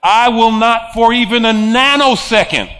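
High-voiced emphatic male preacher. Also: moderate pace, bright, forceful tone. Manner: emphatic, repeats phrases, chuckles often. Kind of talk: sermon.

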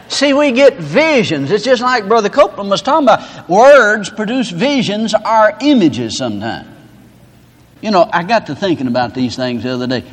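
A man preaching a sermon, telling folksy stories with laughter to illustrate his point. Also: on the high side. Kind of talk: storytelling sermon. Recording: reverberant hall.

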